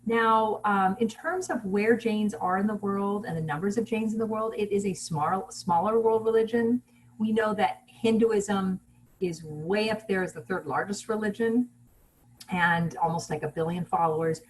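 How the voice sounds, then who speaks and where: A woman giving a relaxed online lecture over a video call, explaining things plainly with fillers and restarts. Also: medium pitch, normal speed, a little hiss or hum, low-quality recording. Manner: casual teaching with fillers and restarts.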